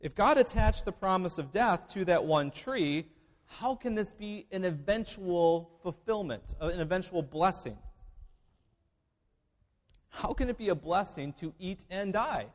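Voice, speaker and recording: A man preaching in a church sanctuary, his voice high and animated, rising to loud declarations and dropping to hushed asides. The sound carries the long reverb of a large hall. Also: measured pace. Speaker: pastor. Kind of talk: sermon.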